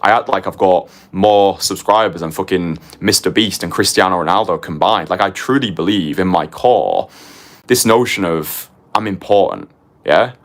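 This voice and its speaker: Deep-voiced young man coaching with punch. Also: animated, normal speed. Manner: punchy, confessional, tags lines with "right?" and "yeah?", swears casually. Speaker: dating coach. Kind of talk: motivational course lecture.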